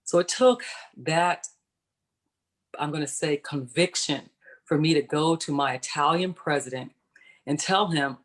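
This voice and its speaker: A woman's voice: low-pitched, a little slow, pauses often. A woman in her forties, a former pro athlete, telling her personal story on a virtual panel over a video call, conversational and explaining as she goes. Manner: conversational, explains and checks in with "right?". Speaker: panelist, former professional basketball player.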